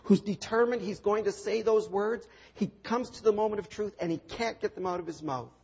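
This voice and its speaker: A man's voice: sits high, gravelly, darkish tone, breathy edge. A male preacher retelling a scripture story dramatically, with rhetorical questions and repeated refrains. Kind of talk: sermon. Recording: dull lo-fi recording.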